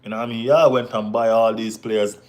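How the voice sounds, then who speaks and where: A man's voice: fairly low pitch, fairly even intonation, fairly quick, darkish tone. Bantering football-channel host, casual man. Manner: bantering, repeats "you know what I mean", talks to chat users. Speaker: football channel host reading live chat. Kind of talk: casual live-stream chat.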